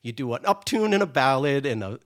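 A man in his sixties from New England, a guest telling a story in casual chat, animated, profane and self-mocking. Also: medium pitch, a little fast.

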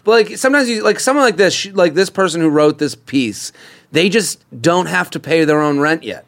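A man's voice: fairly high pitch, animated, fairly quick, a bit bright, no room sound. A young man hosting a casual comedy podcast, laughing often and saying "like" a lot. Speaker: podcast host.

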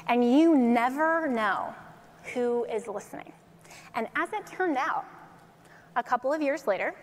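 Woman from Colorado in a reverberant hall. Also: a little high. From Colorado, United States. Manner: animated storytelling with acted quotes and laughter. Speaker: speaker addressing an audience. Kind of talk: faith-based inspirational talk.

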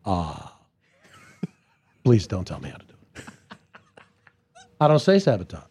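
A man voicing a pompous older male starship captain who speaks in halting, broken phrases. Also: deep voice, huge pitch swings, dark tone, husky, pitched below the performer's own voice, full character voice.

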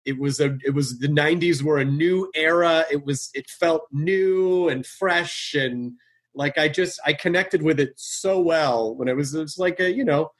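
A man's voice: a little high, breathy edge. A man hosting a casual podcast conversation, speaking with enthusiasm and often restarting and repeating words. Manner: enthusiastic, halting, repeats words while searching for them. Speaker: podcast host.

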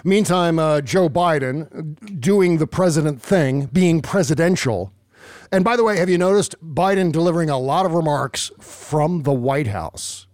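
A man's voice: fairly high pitch, unhurried, a little mellow, no room sound, studio quality. A man hosting a political podcast in casual, sarcastic chat. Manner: sarcastic, mocking. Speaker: podcast host.

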